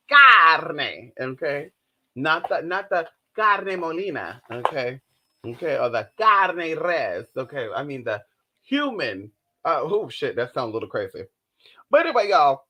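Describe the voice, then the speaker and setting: A vlogger films a casual haul at home, chatting and swearing, calling viewers girl and y'all and letting out high squeals over what she bought. Her tone is fairly bright, and the recording is rough.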